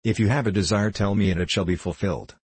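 A man's voice: on the low side, quick pace, darkish tone, slightly rough, no room sound. A man doing a lovestruck impulsive king. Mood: fervent. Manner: fervent outbursts.

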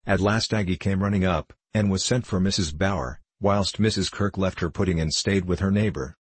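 A man narrating an audiobook novel in a measured, even reading. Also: deep voice, slightly rough, no room sound. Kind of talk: scripted narration.

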